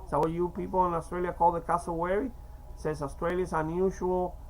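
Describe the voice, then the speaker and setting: A man in his fifties from Cuba with a slight Cuban Spanish accent, talking in a rambling, halting way with many fillers and restarts. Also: high voice, little pitch movement, a little mellow, a little hiss or hum, rough recording. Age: 50s. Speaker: vlogger. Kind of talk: rambling casual monologue.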